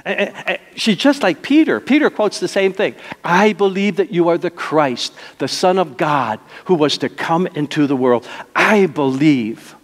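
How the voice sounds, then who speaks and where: A male pastor preaching a sermon, moving between soft, slow lines and emphatic, raised ones. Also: high-pitched, lively intonation. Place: church sanctuary. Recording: long reverb of a church hall.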